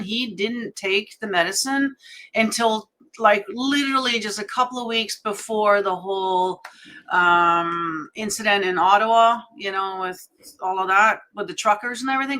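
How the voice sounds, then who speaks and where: A middle-aged woman with a bright, forceful tone, talking on a spiritual panel. She rambles candidly, stopping and restarting her sentences as she goes. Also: medium pitch. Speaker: panel guest.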